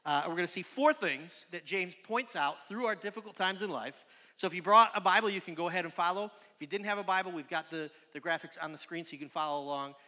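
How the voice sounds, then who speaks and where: A young man giving a casual, chatty sermon as a youth pastor, joking and telling animated stories. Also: sits high, quick pace. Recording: echoey hall reverb.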